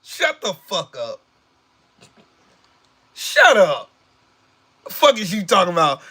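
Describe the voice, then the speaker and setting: A man's voice: sits high, huge pitch swings, slow pace, sharp tone, slightly rough. A man angrily ranting on a live political stream. He talks profanely and mockingly, and often repeats himself and restarts his sentences.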